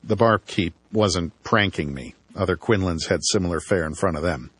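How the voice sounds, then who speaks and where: Male audiobook narrator, low-pitched, dry and wry. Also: moderate pace, fairly bright tone, breathy edge, no room sound. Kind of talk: first-person audiobook narration.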